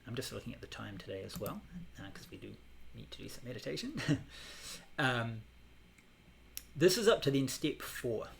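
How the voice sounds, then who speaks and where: A man teaching a Buddhist meditation class, explaining in a relaxed way with many fillers. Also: mid-range voice, normal speed, vocal fry, a little hiss or hum.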